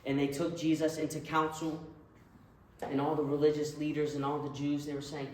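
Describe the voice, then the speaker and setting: A man's voice: fairly high pitch, monotone, a little fast, darkish tone. A man preaching a sermon, retelling a story earnestly and vividly. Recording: very echoey room, mic far off.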